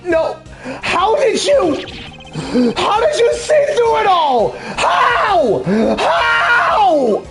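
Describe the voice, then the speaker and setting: A man voicing a cornered ringmaster villain in a fan game dub, screaming in shrill panic. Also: wildly swooping pitch, unhurried, full character voice. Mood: horrified. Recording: faint game music behind.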